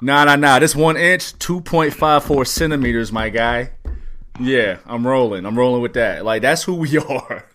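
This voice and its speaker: A man co-hosting a podcast in casual chat, ranting in a profane, excitable way. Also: mid-range voice, normal speed, a little hiss or hum. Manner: profane, excitable, riffing rants. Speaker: podcast co-host.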